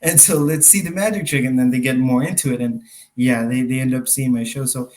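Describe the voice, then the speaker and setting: A young adult man, a magician, guests on a casual podcast, rambling through anecdotes, laughing often and acting out what other people said. His medium-pitched voice is brisk and a little mellow, and the audio is poor.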